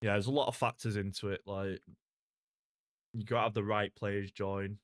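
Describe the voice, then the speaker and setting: A young Salford lad streams a game and chats casually with viewers, laid-back and peppering his talk with "like" and "mate." His voice sits fairly low with little pitch movement and an ordinary pace. The studio-quality recording has no echo.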